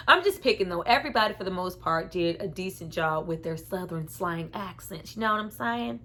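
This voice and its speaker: A woman hosting a casual film review vlog, talking in an animated, slangy way and laughing between remarks. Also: lowish voice, normal speed.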